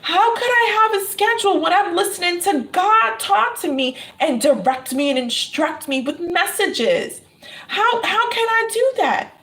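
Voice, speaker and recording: Woman tarot reader talking spiritual stuff to her viewers, high voice, slow and easy, says things twice, lots of little laughs. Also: animated, a bit bright. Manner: emphatic, repeats phrases, laughs often. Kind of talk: casual spiritual talk to viewers.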